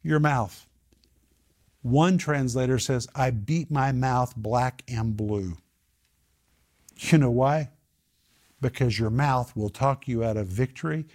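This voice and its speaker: A man's voice: medium pitch, takes it slowly, long pauses, darkish tone. A man teaching a Bible study, emphatic and repetitive, drawing out key words and asking his listeners questions. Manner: emphatic, repeats key phrases, asks the group questions.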